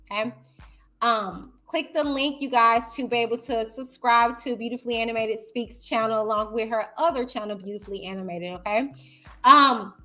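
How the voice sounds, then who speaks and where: A woman hosts her own commentary vlog, speaking to viewers in a loud, high-energy way. Her voice sits high and rings bright and forceful. She keeps it chatty, pulling her audience in. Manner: chatty, addresses viewers directly. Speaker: YouTuber host.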